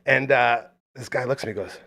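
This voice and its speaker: A man's voice: medium pitch, brisk, creaky. A man hosting a casual podcast chat, telling stories animatedly and acting out what people said. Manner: animated storyteller, acting out quotes. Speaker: podcast host.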